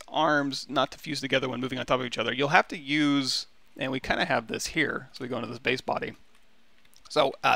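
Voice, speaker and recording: A man giving a relaxed, rambling livestream tutorial on software, with many fillers and restarts. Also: mid-range voice, gravelly, no echo. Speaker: 3D sculpting instructor.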